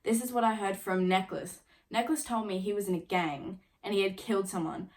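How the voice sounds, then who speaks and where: A young woman in her late teens chats through a storytime for her vlog. Her talk is loose and filler-heavy, with "like" in nearly every phrase and a casual swear dropped in along the way. Her voice sits at a middle pitch. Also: steady tone, brisk, darkish tone. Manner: chatty, filler-heavy with constant "like"; swears casually while retelling. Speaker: vlogger.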